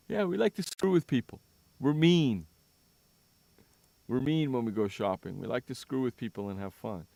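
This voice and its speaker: A man's voice: medium pitch, expressive, a little slow, gravelly, pauses often, no echo. A man hosting a sports radio show in casual chat, teasing his co-host, joking and repeating himself. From San Diego.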